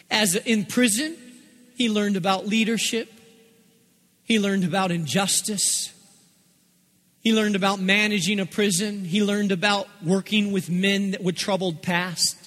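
A middle-aged man preaching a sermon as pastor, emphatic and repetitive, swinging between loud passages and hushed ones. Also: high voice. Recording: long reverb of a large hall.

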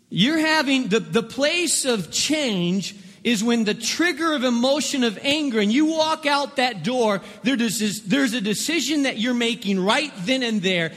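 Male pastor, sermon delivery, high voice, long-reverb hall sound. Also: a bit bright. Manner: preachy, repeats words in bursts, acts out quoted voices.

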